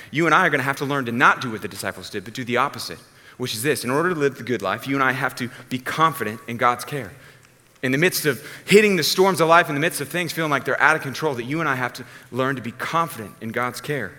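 A man preaching a sermon as a pastor, telling the story casually and acting out the people in it. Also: medium pitch. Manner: casual, animated storytelling with acted-out voices. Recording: long hall reverb.

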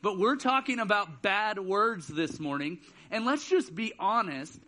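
Man, thirties, high bright voice, youth sermon, casual joking storyteller. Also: expressive, a little slow. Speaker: student ministry speaker. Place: church auditorium.

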